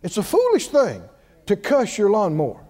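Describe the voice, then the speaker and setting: A man's voice: high voice, wildly swooping pitch, moderate pace, mellow, big-room sound. A man preaching a sermon, drawing call-and-response from the congregation with emphatic, repeated lines.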